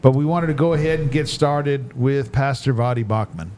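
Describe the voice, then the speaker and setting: A man's voice: mid-range voice, moderate pace, darkish tone, a little hiss or hum. A man co-hosting a casual podcast, joking as he runs through a list of topics. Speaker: podcast co-host.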